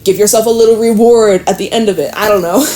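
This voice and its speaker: A woman giving a casual, frank tarot reading to her viewers, chatty and quick to swear and laugh. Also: medium pitch, fairly even intonation, warm tone. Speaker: tarot reader.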